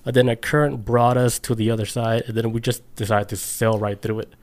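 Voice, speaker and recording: A man's voice: medium pitch, little pitch movement, a little fast, lightly acted. A man voicing a male ship navigator telling a cover story in an offhand, casual way.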